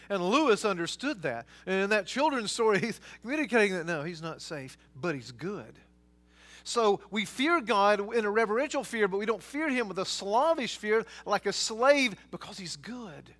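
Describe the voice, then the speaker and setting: A man preaching a sermon as pastor, earnest and emphatic, swinging between loud and quiet. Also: high-pitched.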